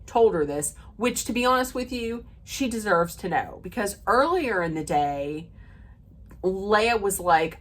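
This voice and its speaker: A woman's voice: medium pitch, expressive, unhurried, fairly bright tone. A woman recapping a reality dating show in a casual, rambling rant, with many fillers and restarts, quoting the cast as she goes. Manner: retells scenes by quoting the cast.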